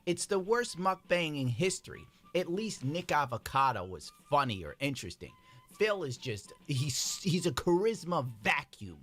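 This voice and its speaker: A man's voice: on the high side, big pitch swings, normal speed, a bit bright. A man narrating a mocking commentary video in a sarcastic, dry tone.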